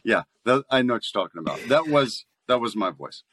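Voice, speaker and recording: A man's voice: mid-range voice, very animated, brisk, a bit bright, slight background noise. An American man, a voice actor, chatting casually in an interview, laughing often and restarting sentences. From United States. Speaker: voice actor guest.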